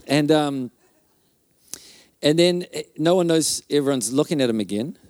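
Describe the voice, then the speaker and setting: Man, pastor, conference sermon, animated storytelling, slightly high voice, dry sound. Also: unhurried, no room sound. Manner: animated storyteller, makes sound effects with his mouth; loose and chatty, with many fillers and restarts.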